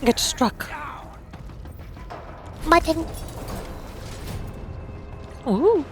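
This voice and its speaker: A woman's voice: sits high, big pitch swings, very slow, soft background music. A young woman streaming a game from home, chatting casually and bubbly, with lots of jokes and squeals.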